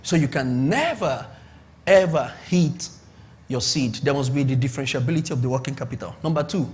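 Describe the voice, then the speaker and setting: Here a middle-aged Nigerian pastor speaks briskly at medium pitch, preaching about business. He stresses and restates each point and asks listeners to confirm along the way.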